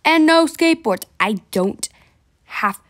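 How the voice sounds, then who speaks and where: A woman's voice: high-pitched, lively intonation, slow pace. A woman voicing a snobby rich woman in a game role-play skit, talking in a haughty, dismissive, bossy way.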